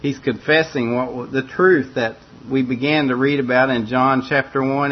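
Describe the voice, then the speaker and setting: A man's voice: steady tone, normal speed, few pauses. A man preaching a sermon, earnest and repeating phrases for emphasis. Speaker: pastor. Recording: muffled lo-fi recording with faint rumble.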